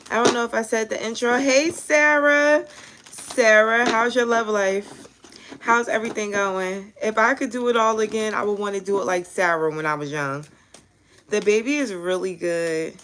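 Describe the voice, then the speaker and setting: A young woman hosting a tarot live stream, chatting casually and telling animated stories with casual cursing. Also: a little high, a little hiss or hum. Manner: chatty, animated storyteller who curses casually.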